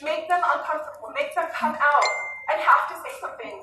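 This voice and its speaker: A woman's voice: high voice, animated, fast talker, background noise. Woman, urgent protest speech, outdoor rally, echoey far-off PA. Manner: earnest, urgent, swears. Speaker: rally speaker for an activist group. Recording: echoey PA sound heard from afar.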